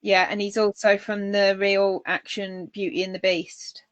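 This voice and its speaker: A woman's voice: mid-range voice, little pitch movement, unhurried, no echo. A woman with a Northern English accent co-hosting a casual chat, enthusiastic and eager to recommend things. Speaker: podcast co-host.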